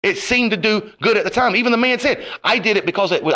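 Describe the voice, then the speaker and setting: A man's voice: high voice, quick pace, pushed and bright. A man delivering a profane, confrontational rant to camera, his heat rising and falling. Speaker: online commentator.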